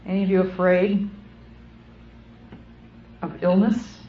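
A middle-aged woman giving an earnest, measured sermon with deliberate phrasing. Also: on the low side, level tone, dark tone, a little hiss or hum. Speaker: speaker. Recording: muffled old recording in an echoey hall.

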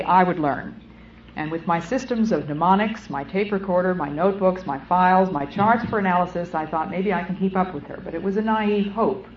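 Middle-aged woman, sermon, deliberate and earnest; muffled lo-fi recording with faint hiss. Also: lowish voice. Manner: earnest, measured, deliberate phrasing. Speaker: speaker. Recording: muffled old recording in an echoey hall.

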